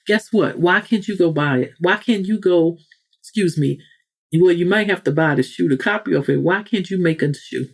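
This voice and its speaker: A woman's voice: lowish voice, moderate pace, creaky. A woman hosting a motivational podcast, preaching with many rhetorical questions and acting out quoted people in raised voices. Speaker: podcast host. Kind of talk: motivational talk.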